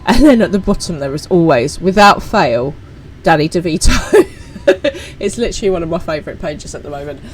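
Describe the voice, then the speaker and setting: A woman's voice: on the low side, expressive, fairly quick, a little hiss or hum, rough recording. A woman streaming a game, chatting casually and teasing herself. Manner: chatty, self-mocking. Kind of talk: casual gameplay commentary.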